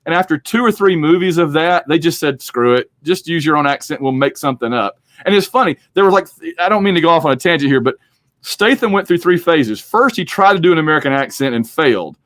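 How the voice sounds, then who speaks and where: A man's voice: on the high side, lively intonation, quick pace, fairly bright tone, dry recording, clean studio sound. A man hosting a podcast, chatting casually and rambling through a movie discussion. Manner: rambling, chatty, acts out quotes. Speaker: podcast host.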